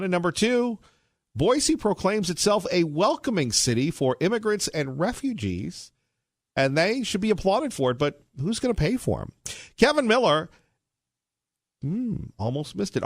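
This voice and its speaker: A man's voice: on the high side, very animated, moderate pace, no room sound, clean studio sound. A male talk radio host, joking and dropping sarcastic asides.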